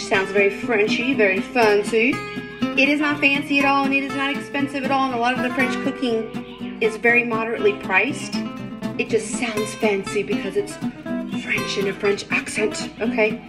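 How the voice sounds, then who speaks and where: A woman's voice: medium pitch, a bit bright. A middle-aged woman, chatting casually to viewers while demonstrating a home recipe in her kitchen. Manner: chatty, folksy, talks straight to viewers. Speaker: home cooking vlogger.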